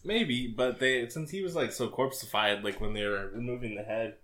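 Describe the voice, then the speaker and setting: A man's voice: medium pitch, normal speed, fairly bright tone. A man co-hosting a podcast in casual chat, rambling with crude, jokey banter. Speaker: podcast co-host.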